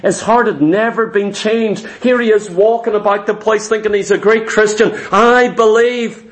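A man's voice: sits high, moderate pace. A man preaching a sermon, emphatic and fervent, retelling scripture with vivid asides.

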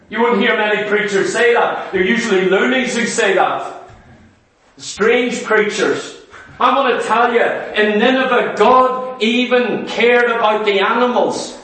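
Male preacher, high voice, passionate rhetorical sermon, very reverberant church sound. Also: a bit bright. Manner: impassioned, rhetorical questions, mimics hearers. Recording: very echoey hall, voice from far off.

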